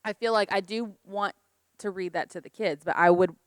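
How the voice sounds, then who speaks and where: A woman at a middle pitch chatting on a podcast, bubbly and quick to restart her sentences. Her delivery is loose and chatty. The recording is close and very dry. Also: clean tone, no room sound. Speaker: podcast co-host. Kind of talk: casual chat.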